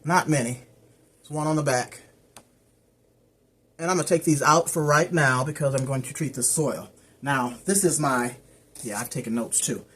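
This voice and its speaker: A woman's voice: rumbling low, moderate pace, long pauses, breathy edge. A woman chatting casually as she shows her house plants, wandering off topic and stumbling over plant names. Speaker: plant care vlogger. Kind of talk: casual how-to chat.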